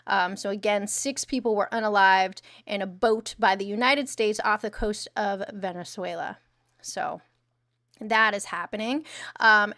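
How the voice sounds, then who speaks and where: A woman's voice: on the high side, fairly bright tone, no echo, studio quality. Blunt, sarcastic woman livestreamer. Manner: blunt, sarcastic, swears freely. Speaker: livestream host. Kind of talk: casual news commentary livestream.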